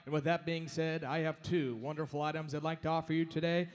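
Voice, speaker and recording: A man's voice: little pitch movement, brisk. A man from Washington state competing as an auctioneer, introducing his items politely and then calling bids in a rolling chant. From Washington state, USA. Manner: polite pitch, then rolling bid calls. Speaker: auctioneer contestant.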